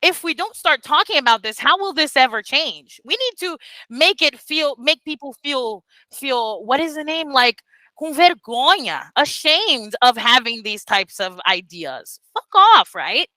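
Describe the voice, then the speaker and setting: A woman's voice: high voice, animated, a little slow, bright, forceful tone, dry recording, low-quality recording. A woman mentoring beginner teachers in a casual online session, speaking bluntly and emphatically, with profanity and Portuguese phrases mixed in. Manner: code-switches into Portuguese phrases. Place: Brazil.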